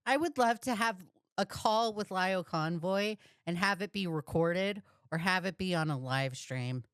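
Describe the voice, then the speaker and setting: A woman with a lower, smooth voice talks through her reactions at a slow pace. Her commentary is blunt and laced with swearing. The sound is close and dry. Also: dry recording. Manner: blunt, profane, heated. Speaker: reaction streamer.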